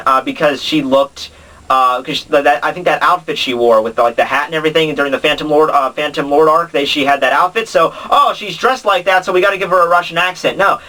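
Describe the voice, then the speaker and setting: Guy ranting about cartoon dubs, kinda sarcastic, lots of ums, bright tense voice, sounds a bit away from the mic. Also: on the high side, far from the mic, low-quality recording. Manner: exasperated, sarcastic, filler-heavy. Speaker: anime commentary host. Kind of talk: casual ranting commentary.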